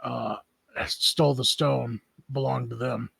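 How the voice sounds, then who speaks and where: A man playing a tabletop game, asking eager, quick questions. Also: medium pitch, steady tone, vocal fry, a bit bright, slightly rough, no room sound. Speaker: player. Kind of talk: casual play.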